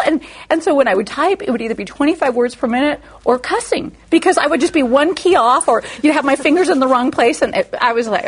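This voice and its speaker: A woman from Indiana, a guest on a talk show, giving her testimony with lively, humorous storytelling. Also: high voice, quick pace, hardly any pauses. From Indiana, USA.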